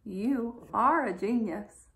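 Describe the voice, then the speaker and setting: A woman doing a high, gushing Circle. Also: takes it slowly, gravelly, a little hiss or hum, exaggerated voice. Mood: admiring. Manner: bright, effusive, high and lilting. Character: gushing admiring female circle.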